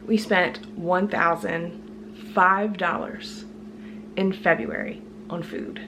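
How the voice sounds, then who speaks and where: Speaking slowly in a lowish, fairly even voice thick with congestion, this vlogger, a working adult student who is ill, chats and laughs a lot while showing off her groceries in her home kitchen. Background noise can be heard.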